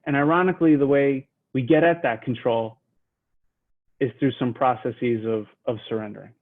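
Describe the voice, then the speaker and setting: A man talks listeners through a mindfulness moment as a leadership trainer, his voice slow and soothing. He sits at a middling pitch, and the recording sounds tinny and narrow, as if heard over a phone line. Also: steady tone. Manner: slow, soothing, drops to a hush while counting breaths. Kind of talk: guided mindfulness lesson.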